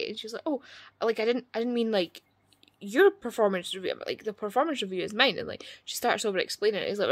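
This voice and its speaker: A young woman talks through a book in a relaxed vlog, jumping into quoted voices and asides. Her voice sits at an ordinary middle pitch and sounds dry and close, with almost no room sound. She keeps it chatty and animated. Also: fast talker, dry recording. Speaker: book vlogger. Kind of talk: casual book review vlog.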